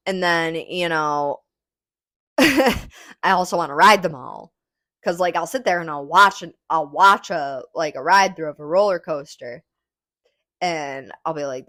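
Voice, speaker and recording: A woman's voice: low-pitched, no room sound, clean studio sound. A woman hosting a podcast in casual, rambling chat, swearing freely, laughing often and smoking while she talks. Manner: relaxed, smoking while talking. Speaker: podcast host.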